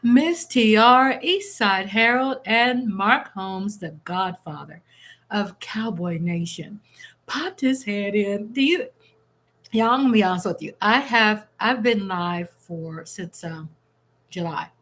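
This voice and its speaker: A woman's voice: medium pitch, takes it slowly, a bit bright. Woman, live-stream host, casual chat at home, candid, chatty, reads out viewer comments.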